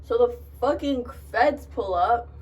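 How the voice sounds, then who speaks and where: A young woman, a college freshman, telling a profane, animated story to the camera while doing her makeup. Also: a little high, a little slow, recorded from a distance. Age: young adult. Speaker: vlogger. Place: in front of a mirror, doing makeup. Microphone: camera a short distance away.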